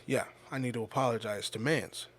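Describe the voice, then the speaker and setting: Man musing in a halting, reflective way. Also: mid-range voice. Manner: reflective, halting, repeats words, swears often. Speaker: podcast host. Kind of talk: casual confessional monologue.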